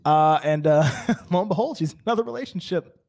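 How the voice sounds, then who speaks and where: A man's voice: fairly high pitch, expressive, brisk, darkish tone. A man roleplaying on a game server, telling an in-character story in a rambling way, full of fillers and stammered restarts. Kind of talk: in-character story, casual chat.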